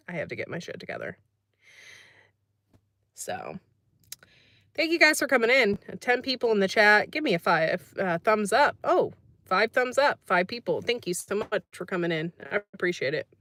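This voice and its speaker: Reading comments aloud and laughing a lot, an American woman hosts a casual livestream. Her medium-pitched voice has a slightly bright quality, and the recording is dry.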